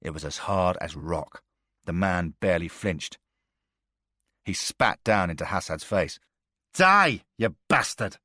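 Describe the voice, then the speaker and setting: This thriller audiobook is read by a man whose voice sits very low and whose delivery stays steady and deliberate. It's a close, dry recording with no trace of the room.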